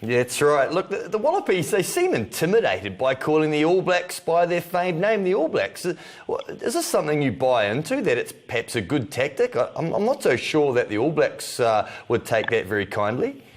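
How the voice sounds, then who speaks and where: A New man hosting a sports chat show. His voice is slightly high and swings around with lively intonation. He asks his questions in a chatty, loose way and often starts with "look". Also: moderate pace. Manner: chatty, with small restarts and "look" openers.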